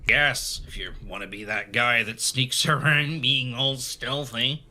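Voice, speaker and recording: A man giving comedic scripted narration, theatrical, swinging from deadpan to sudden shouts. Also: mid-range voice, a little slow. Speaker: video essayist.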